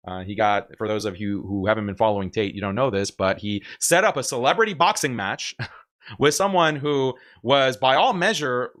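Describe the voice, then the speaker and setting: A man's voice: mid-range voice, a bit bright. A man giving casual reaction commentary on a stream, emphatic and argumentative, often laughing.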